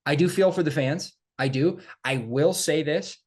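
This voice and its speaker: A man's voice: on the high side, normal speed. Emphatic man co-hosting a sports podcast. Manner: animated, emphatic, repeats phrases for effect. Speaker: podcast co-host. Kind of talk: casual sports chat.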